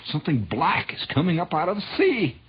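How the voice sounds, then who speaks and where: A man telling a dramatic true story on old radio, dropping to hushed whispers and rising to loud swells. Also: a little high, big pitch swings, fairly quick, slightly rough. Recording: dull lo-fi 1960s radio recording.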